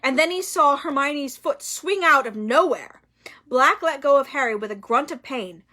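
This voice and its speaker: High, bright woman reading aloud. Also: moderate pace. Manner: expressive, dramatic reading with casual asides. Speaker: storyteller reading a novel aloud.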